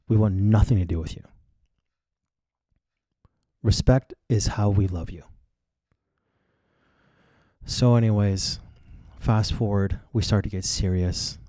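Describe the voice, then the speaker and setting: On a dry recording, a mellow, lowish male voice belongs to a podcast host in his thirties. He's telling a story in a casual monologue, and he's blunt, crude and boastful, swearing plenty.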